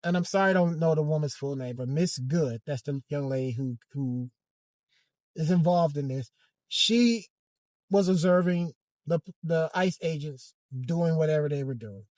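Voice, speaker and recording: Guy rambling in his car, kinda high voice, keeps stopping and restarting, dry sound. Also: darkish tone, dry recording. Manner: hesitant, halting, many restarts and fillers. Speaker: vlogger. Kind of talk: casual commentary monologue.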